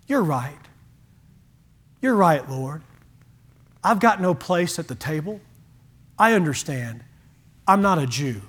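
A man's voice: on the high side, expressive, takes it slowly, pauses often, a bit bright, slightly rough, voice pushed down, heavily acted. A man voicing a humble pleading woman.

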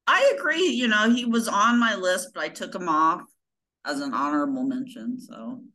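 A woman's voice: lowish voice, lively intonation, normal speed, pushed and bright, poor audio. A woman co-hosting a podcast in casual chat, hesitant and often trailing off. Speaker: podcast co-host.

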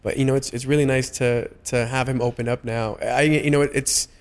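Young adult man, medium voice, halting heartfelt chat guest with frequent restarts. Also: medium pitch, steady tone. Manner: halting, many restarts and fillers. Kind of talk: casual heartfelt conversation.

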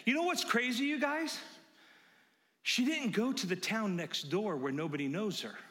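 A male pastor speaks to his congregation in a high, bright voice with a casual, conversational edge. He swings between loud excited bursts and quiet, intimate asides. The sound rings with long reverb from a church sanctuary. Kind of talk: sermon.

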